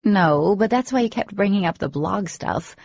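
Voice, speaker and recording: A woman voicing an excitable, gushing teenage girl heroine in an audiobook, with a lifted, excited delivery. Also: mid-range voice, moderate pace, creaky, slightly rough, no room sound, highs cut off, pitched above the performer's own voice.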